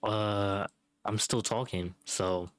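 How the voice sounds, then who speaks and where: A man's voice: lowish voice, steady tone, takes it slowly, clear, resonant tone, dry recording. A male streamer taunting and swearing crudely in casual trash talk.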